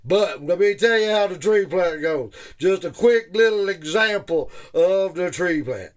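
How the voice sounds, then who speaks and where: A man's voice: sits high, expressive, measured pace. A man telling a drawling, down-home, joking story about his tree planting days. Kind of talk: folksy storytelling monologue.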